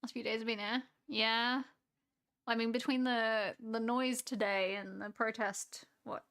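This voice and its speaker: A woman with an Australian accent chats casually and ramblingly with a live-stream audience, laughing often and letting sentences trail off. Her voice is fairly high and fairly bright, steady in tone and a little slow.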